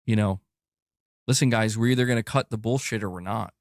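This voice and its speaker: Halting, defensive man, stumbling over words. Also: on the low side, no echo, studio quality. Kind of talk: defensive personal rant to camera.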